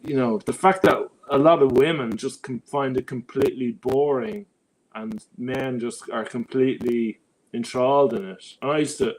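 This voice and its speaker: A man's voice: medium pitch, steady tone, normal speed, poor audio. A man, a podcast guest, talking in a rambling, reflective way with many restarts. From Ireland. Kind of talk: casual podcast conversation.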